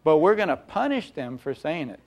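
Conversational male preacher, higher voice. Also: sing-song, a little fast. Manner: conversational, dramatizes examples with acted-out voices. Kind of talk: sermon.

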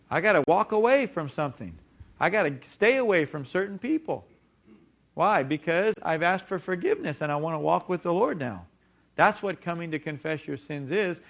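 A middle-aged man delivers a sermon from the pulpit. His voice sits a little high for a man. He leans hard on key words and slows right down to drive each point home. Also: animated, vocal fry, fairly bright tone. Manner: emphatic preaching, slowing down on key words. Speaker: preacher.

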